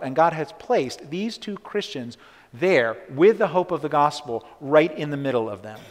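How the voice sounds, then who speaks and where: A male pastor preaching a sermon, telling a story with earnest emphasis and acting out the quoted voices. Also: on the high side. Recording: reverberant church hall.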